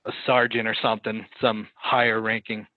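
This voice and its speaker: Low-voiced man on a tinny line. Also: level tone, no room sound. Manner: halting, self-correcting retelling with quoted dialogue. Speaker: podcast guest. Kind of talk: casual storytelling in conversation. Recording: dry, tinny phone-like line.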